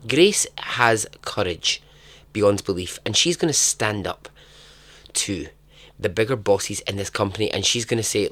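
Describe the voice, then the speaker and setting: A man, hosting a podcast and telling a true story in a casual, chatty way, breaking into animated asides and frequent laughs. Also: lowish voice, unhurried, dry recording. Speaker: podcast host.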